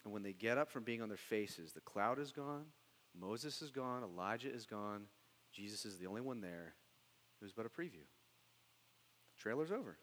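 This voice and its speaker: Animated preacher man in a reverberant hall. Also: lowish voice, moderate pace. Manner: animated preaching, swings from hushed to loud excited bursts. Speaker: pastor. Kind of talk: sermon.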